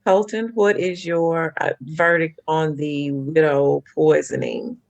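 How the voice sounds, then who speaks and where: A man's voice: a little high, fairly even intonation, slow, creaky, dry recording, lo-fi sound. A man playing a social deduction game, asking questions and stumbling over his words. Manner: hesitant, stumbling restarts. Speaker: player. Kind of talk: casual game table banter.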